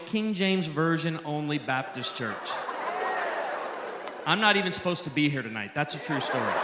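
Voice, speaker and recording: A man in his forties giving a humorous sermon to a live audience, telling animated, joking stories in a large hall. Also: high-pitched, slight background noise. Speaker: pastor and speaker. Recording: echoey live hall with faint ambience.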